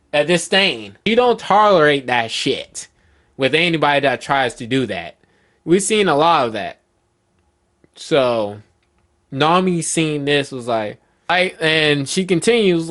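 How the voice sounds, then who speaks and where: A man casually recapping a manga chapter, reading out character quotes with excited slips and restarts. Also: a little high. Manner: excited storyteller, reads quotes aloud with loose slips and restarts.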